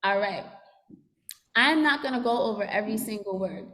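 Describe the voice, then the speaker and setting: A woman's voice: mid-range voice, normal speed, fairly bright tone. Brief: woman social worker addressing students, teacherly, in a reverberant large room. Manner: teacherly, asks class to repeat and write. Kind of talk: school assembly talk to students.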